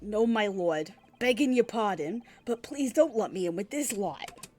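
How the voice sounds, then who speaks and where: A woman voicing a gruff male police inspector in a put-on exaggerated Boston accent, blustering and offended. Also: mid-range voice, expressive, measured pace, a little mellow, close to an everyday voice. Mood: indignant.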